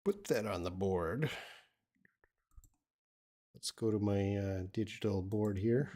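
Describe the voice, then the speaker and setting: An older Australian man with a lowish voice talks through learners' questions in a live English lesson. He rambles in a relaxed way, with plenty of "uh" and restarts. His tone is unhurried and conversational. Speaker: English teacher.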